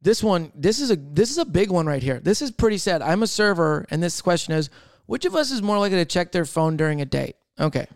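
A man hosting a solo podcast, rambling and thinking out loud in casual chat, swearing freely. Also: high voice, big pitch swings, fast talker, dry recording, studio quality. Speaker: podcast host.

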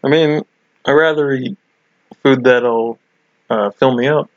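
A man co-hosting a podcast in casual chat, chatty and quick to laugh. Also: medium pitch, steady tone, no echo, highs cut off. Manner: chatty, laughs often, restarts and fillers. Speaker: podcast co-host.

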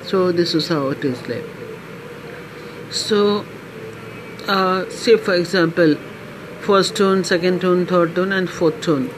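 A woman who trains people in Mandarin, giving a podcast language lesson in a slow, deliberate teaching manner and carefully repeating words. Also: lowish voice, noisy background.

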